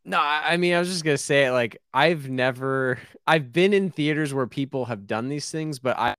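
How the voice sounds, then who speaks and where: A man's voice: medium pitch, normal speed, a bit bright, clear, resonant tone, no room sound, clean studio sound. A man co-hosting a casual podcast, talking hesitantly and self-effacingly, with many restarts. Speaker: podcast co-host. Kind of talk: casual chat.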